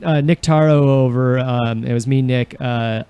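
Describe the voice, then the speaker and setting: A man co-hosting an improv podcast, playful and quick to laugh while he tries out accents. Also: mid-range voice, steady tone, clean tone, no echo, muffled recording. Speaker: podcast co-host.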